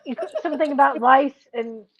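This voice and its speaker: A woman's voice: sits high, a little fast. A woman joking around in a casual podcast chat with friends. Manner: joking, playful. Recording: dull lo-fi sound.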